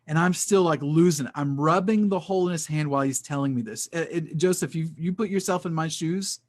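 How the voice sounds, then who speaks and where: A man's voice: on the high side, fairly quick, hardly any pauses. A man telling an earnest, emotional faith testimony as a podcast guest, often repeating his words. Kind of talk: personal faith testimony in conversation.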